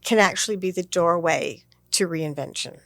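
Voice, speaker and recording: A woman's voice: fairly low pitch, moderate pace, creaky, a bit bright, no room sound, studio quality. Thoughtful woman co-host. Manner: thoughtful, explanatory. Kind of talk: reflective conversation.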